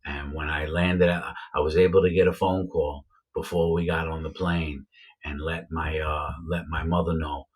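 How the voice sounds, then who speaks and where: Brief: a husky, deep-voiced man from New York, rambling through a story. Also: flat delivery, normal speed. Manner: rambling, many uh fillers, repeats himself. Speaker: vlogger telling his own story. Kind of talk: casual storytelling to camera.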